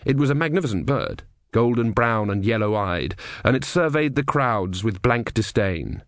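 A man's voice: medium pitch, expressive, normal speed, no echo, clean studio sound. A man narrating a comic fantasy audiobook, reading expressively and doing the characters.

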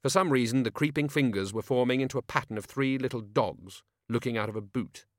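A man narrating a story as an audiobook, steady and wry. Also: mid-range voice, a little fast, dry recording, clean studio sound.

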